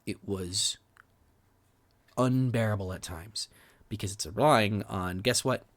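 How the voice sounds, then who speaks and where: A man with a lowish voice takes things slowly. As a film podcast co-host, he delivers candid, swear-filled reviews in casual conversation, restarting words and at times dropping nearly to a whisper.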